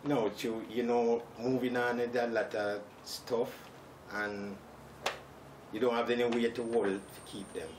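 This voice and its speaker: A man giving quiet, halting answers in an interview. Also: medium pitch, little pitch movement. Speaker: interviewee, builder. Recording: echoey and distant, noisy surroundings.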